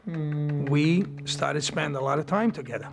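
A man telling about winning a dog's trust in an animated, casual interview. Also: a little high, measured pace, creaky. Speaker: dog owner.

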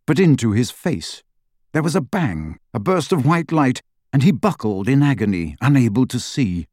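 A man reading a novel aloud as narrator, dramatic and expressive. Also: mid-range voice, no echo, studio quality. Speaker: audiobook narrator. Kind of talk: scripted narration.

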